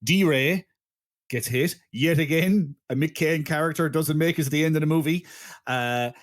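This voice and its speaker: A man's voice: on the high side, moderate pace. A man hosting a comedy film podcast, summarizing a bad movie in a rambling, joking way, often restarting sentences. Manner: rambling, stumbling restarts, frequent laughter. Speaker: podcast host. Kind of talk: casual comedic podcast chat.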